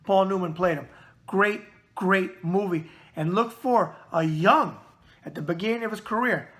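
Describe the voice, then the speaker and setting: A man's voice: high-pitched, a little slow, a bit bright. A man with a New York accent hosting a casual mailbag video show, talking in a brash, wisecracking way and repeating catchphrases. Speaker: show host.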